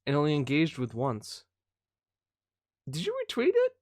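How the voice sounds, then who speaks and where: A man's voice: fairly high pitch, huge pitch swings, normal speed, darkish tone, no echo, clean studio sound. Joking male podcast co-host. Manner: joking, playful, does voices. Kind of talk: casual chat on a live stream.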